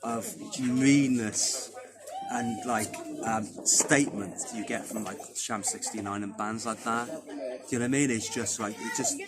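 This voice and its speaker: A Welsh man, a guitarist, chatting in a rambling, animated way in a backstage interview. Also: medium pitch, unhurried. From Wales. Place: backstage after a gig. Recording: crowd noise behind. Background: crowd noise.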